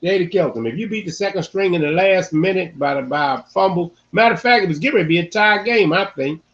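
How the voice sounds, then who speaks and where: A man hosting a casual sports-talk podcast, animated and repeating phrases for emphasis. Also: high voice, fast, dull audio. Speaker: podcast host.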